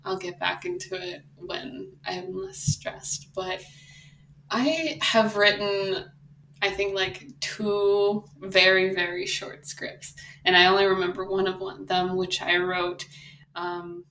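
A woman co-hosting a casual podcast, speaking in a relaxed, easygoing way. Her voice sits back from the mic and echoes in the room, with faint ambient noise underneath. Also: mid-range voice, slow, recorded from a distance. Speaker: podcast co-host. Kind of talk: casual chat.

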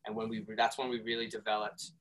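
A man's voice: fairly low pitch, monotone, fast, a bit bright, poor audio. A young man, a band member, telling a rambling, profane story in a casual interview. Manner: rambling, profane, lots of fillers.

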